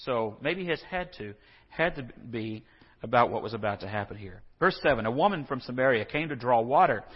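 A man's voice: medium pitch, animated, a little fast, slightly rough, big-room sound, dull audio. A male pastor from Texas preaching a sermon in a folksy way, with joking asides and acted-out scripture dialogue.

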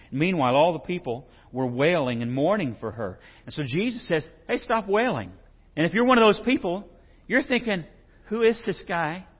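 A man's voice: fairly high pitch, husky. A man preaching a casual, conversational sermon, reading scripture and acting out the quoted lines. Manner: animated, conversational, acts out quotes. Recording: lo-fi muffled recording.

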